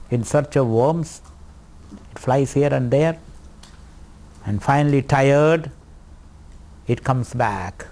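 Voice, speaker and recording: Slow-spoken swami. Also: male voice, mid-range voice, darkish tone. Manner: slow, deliberate teaching with repetitions and light laughter. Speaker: swami teaching scripture. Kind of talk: spiritual lecture.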